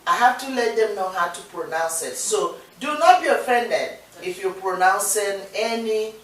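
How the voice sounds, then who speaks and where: A woman's voice: medium pitch, moderate pace. A woman from Nigeria with a Nigerian accent, co-hosting a casual talk show, speaking earnestly and encouragingly, repeating her points for emphasis. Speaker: co-host. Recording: distant, echoey room sound.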